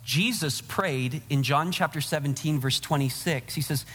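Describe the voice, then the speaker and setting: A man's voice: a little high, moderate pace, hardly any pauses, a bit bright, breathy edge, long reverb tail. A man preaching a sermon to his congregation, earnest and direct, speaking to them as their pastor.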